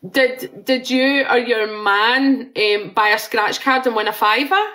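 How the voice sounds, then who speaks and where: A woman's voice: on the high side, steady tone, a little slow, bright, forceful tone, rough recording. A Scottish woman in her forties giving a live psychic reading in a rambling, chatty way, swearing and laughing now and then.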